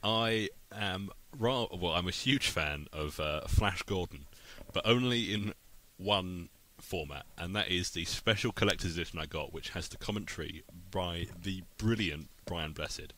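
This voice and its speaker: A man's voice: low voice, measured pace, hardly any pauses, sharp tone. A British man co-hosting a podcast, chatting casually and laughing often at his own jokes. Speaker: podcast co-host. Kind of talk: casual chat.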